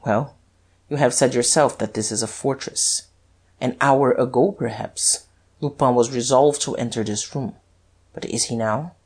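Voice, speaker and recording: Reader doing husky low detective, terse and guarded, audiobook. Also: male voice, fairly even intonation, measured pace, darkish tone. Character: Guerchard, tense, husky male police detective.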